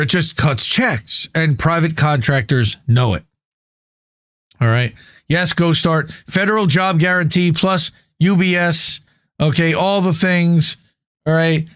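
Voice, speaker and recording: A male podcast host with a somewhat high voice, recorded close and dry with no room sound. He reads passages aloud and then talks back to them bluntly, with casual swearing and a confident, opinionated edge. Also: clean tone, no echo. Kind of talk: reading an article aloud with running commentary.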